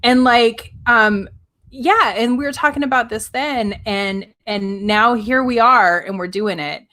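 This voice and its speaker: A woman's voice: fairly high pitch, unhurried, bright, forceful tone. A woman who co-hosts a podcast and writes books chats reflectively, with a few hesitant fillers like "um" and "uh". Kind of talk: casual conversational chat.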